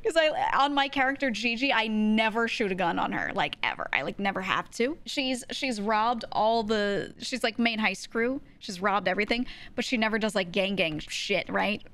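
A young adult woman streamer in casual chat, talking in quick bursts with lots of fillers and frequent laughter. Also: mid-range voice, expressive, a bit bright. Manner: laughs often, chatty with many fillers.

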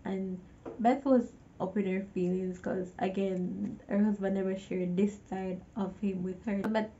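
A woman's voice: medium pitch, fairly even intonation, unhurried, mellow, dull audio, a little hiss or hum. A woman giving a casual movie recap, chatty, with exasperated asides to the viewer. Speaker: movie reviewer.

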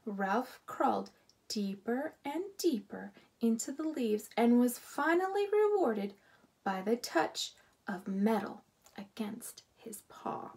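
Woman reading a kids book, slow, creaky husky voice. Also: on the high side. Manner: expressive, unhurried storytelling. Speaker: narrator. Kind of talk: reading a children's book aloud.

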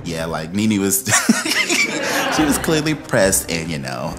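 A man with a low voice that swings widely in pitch, dishing reality TV gossip. He is animated and slangy and laughs easily. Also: takes it slowly, loud music behind the voice. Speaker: entertainment vlogger. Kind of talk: gossip commentary.

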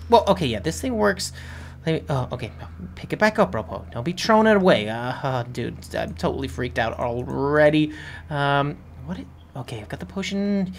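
A young woman hosting a game video, narrating excitably while she plays, rambling and stammering nervously as she goes. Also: fairly low pitch, a little hiss or hum. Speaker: game video host playing a character. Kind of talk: game let's-play narration.

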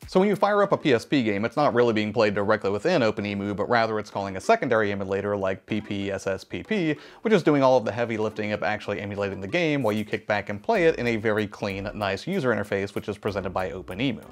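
Fast-talking man with a low voice. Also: soft background music. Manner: relaxed, chatty, self-correcting. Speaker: tech video host. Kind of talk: scripted tech overview narration.

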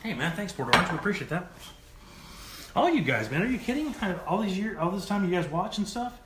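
A man hosting a live cooking show, talking in an animated, emphatic, joking way while he cooks. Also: sits high, fast, echoey room, very noisy. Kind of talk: live cooking demo chat.

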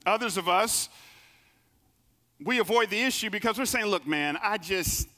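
A man's voice: sits high, moderate pace, long pauses. A man preaching a sermon as pastor, telling stories and acting out the voices of the people in them. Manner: lively storytelling preacher, acts out quoted voices. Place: church sanctuary. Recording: long reverb of a large hall.

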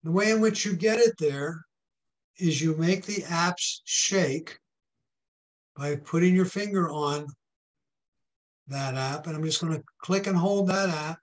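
A man's voice: fairly high pitch, a little slow, long pauses. Patient, folksy man teaching a tech class. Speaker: technology class instructor. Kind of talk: hands-on tech lesson with a told joke.

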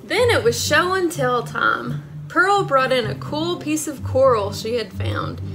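A woman librarian reading a story aloud to children in an animated way, asking them questions. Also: high voice, unhurried, over music.

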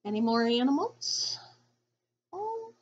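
A woman's voice: high voice, big pitch swings, slow pace, muffled recording, slight background noise. A woman teacher reading a picture book aloud to children, playful and sing-song. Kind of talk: read-aloud lesson for children.

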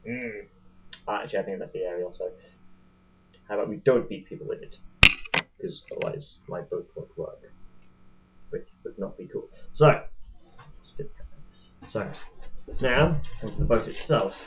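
A man's voice: on the low side, animated, a little slow, pauses often, slight background noise. Young man, chatty and jokey, rambling unboxing vlog, muffled webcam audio. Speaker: vlogger unboxing a toy boat. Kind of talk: casual unboxing commentary. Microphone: webcam mic.

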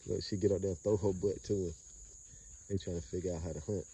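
A man's voice: deep voice, steady tone, fast talker, warm tone, distant mic, slight background noise. A man breeding dogs, talking loosely in rambling street slang and filming his yard on a phone. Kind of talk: casual outdoor vlog narration.

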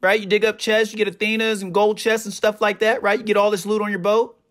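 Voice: medium pitch, little pitch movement, fast. A young adult streamer giving indignant reaction commentary, ranting and repeating rhetorical questions.

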